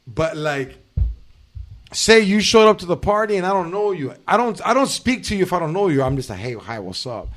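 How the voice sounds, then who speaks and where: A man hosting a studio podcast, his pitch sitting a bit high and swinging widely as he tells stories. He talks casually and profanely. He acts out the people he quotes. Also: lively intonation, a little fast, fairly bright tone. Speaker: podcast host. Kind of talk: casual storytelling chat.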